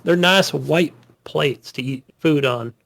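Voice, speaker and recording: A man's voice: a little high, slow, creaky, a bit bright. A married man co-hosting a podcast, telling a chatty everyday story with casual swearing. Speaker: podcast co-host.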